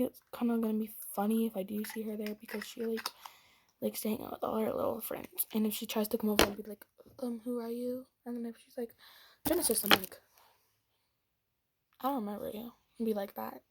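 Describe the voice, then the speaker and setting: Brisk and a little high, her intonation fairly even, a young woman recounts a fight as a storytime vlog, whispering asides and performing the quotes in character. Heavy background noise sits under her voice.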